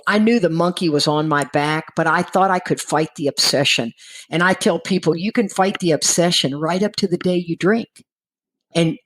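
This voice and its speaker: A woman's voice: on the low side, rough recording. A middle-aged woman from Texas sharing her personal recovery story candidly, acting out the dialogue of the people in it. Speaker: guest speaker in recovery.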